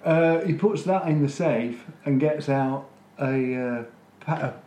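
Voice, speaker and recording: A man's voice: mid-range voice, takes it slowly, warm tone, reverberant. A man, making wry, critical remarks while chatting casually about a TV episode. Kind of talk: casual chat reviewing a TV episode.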